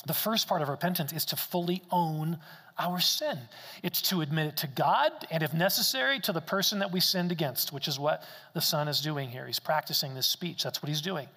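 Bright-voiced male preacher in a reverberant hall. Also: on the high side. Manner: emphatic, repeats key phrases for stress. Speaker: pastor. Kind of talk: sermon.

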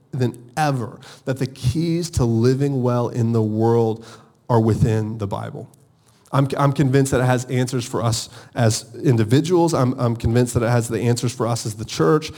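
A married man preaching a sermon with energy, calling on his congregation to answer back. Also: medium pitch. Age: adult, married. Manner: energetic, calls for audience responses. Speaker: pastor.

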